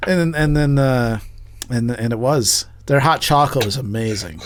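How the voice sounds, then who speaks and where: A man's voice: mid-range voice, moderate pace, slight background noise. A man co-hosting a podcast in casual chat, rambling with many likes and restarts. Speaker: podcast co-host.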